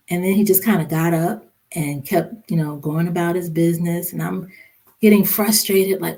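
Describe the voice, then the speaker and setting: A woman podcast guest recounting a painful family memory in a somber, halting way, with many fillers. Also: on the low side, steady tone, vocal fry, mellow, husky. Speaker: podcast guest, social worker and mother. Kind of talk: personal storytelling in a podcast interview.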